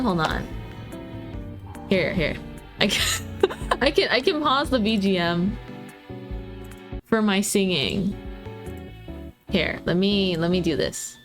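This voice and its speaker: A woman streamer chatting playfully and giggling while playing a driving game. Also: medium pitch. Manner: playful, giggly, teasing chat. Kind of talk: casual gaming stream chat.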